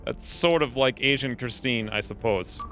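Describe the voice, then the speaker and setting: Give me a man with a bright, clear voice giving upbeat let's play commentary on a strategy game. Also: medium pitch, normal speed, faint music behind. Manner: casual, upbeat, explains as he plays. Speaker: gaming channel host.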